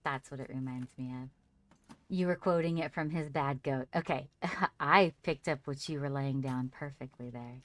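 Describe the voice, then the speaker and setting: A woman's voice: very deep voice, moderate pace, no echo. A woman streaming a survival game, chatting casually with her viewers and fondly talking to her character as she plays. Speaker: livestreamer. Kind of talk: casual gameplay commentary.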